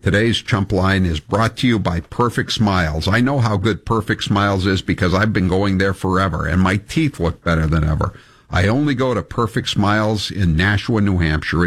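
A man hosting talk radio, rambling wryly with halting fillers. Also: low voice. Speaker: radio talk show host. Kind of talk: talk radio segment and ad read.

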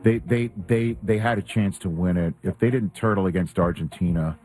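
A man with a low voice chats about sports as the host of a radio show. He restarts sentences often, repeating small words, and chimes in with quick agreement. Faint music sits underneath. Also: darkish tone. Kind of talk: casual sports talk.

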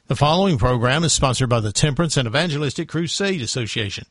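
A man reading scripted radio station announcements in a formal, measured way. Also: medium pitch, animated, fairly bright tone, no room sound.

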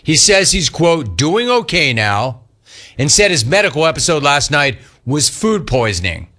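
A man's voice: on the high side, big pitch swings, measured pace, bright, forceful tone. A man hosting a sports radio show, joking his way through commentary on a photo and laughing often.

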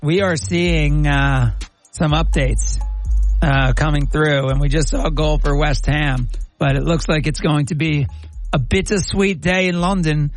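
A man with a slightly high, steady voice hosts a sports podcast, talking a little slowly over soft background music. He chats casually and reads out live match updates as commentary.

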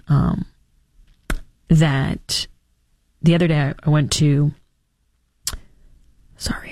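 A woman's voice: sits low, darkish tone, no echo. A woman hosting a radio talk show, chatting on air with sarcastic, mock-dramatic asides. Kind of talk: casual on-air chat.

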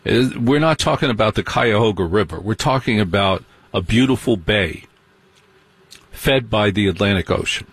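A man with a husky, fairly low voice telling a comic story in stand-up style. He is sardonic and animated and throws in mocking asides. The sound is dry and close, with no room around it. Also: normal speed, no room sound. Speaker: comedian.

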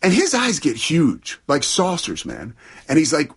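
An enthusiastic man talking college football on a sports talk show. His voice sits a bit high and moves around a lot, with a husky grain to it. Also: huge pitch swings, measured pace, a bit bright.

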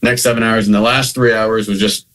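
A man's voice: lowish voice, level tone, fairly quick, a bit bright. A man from Maine, a basketball coach, answering plainly and modestly as a guest on a video call. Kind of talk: remote interview.

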